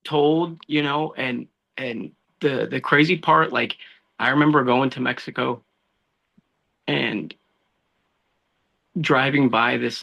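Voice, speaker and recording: A man, a law enforcement officer, telling personal stories as a guest in a casual podcast conversation, animated and full of "dude" and "bro.". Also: mid-range voice, vocal fry, highs cut off. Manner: animated storytelling, says dude and bro a lot.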